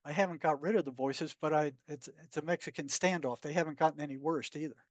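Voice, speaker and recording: Man, psychotherapist guest, blunt and emphatic, fairly high voice, dry close sound. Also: quick pace, no echo. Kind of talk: conversational storytelling.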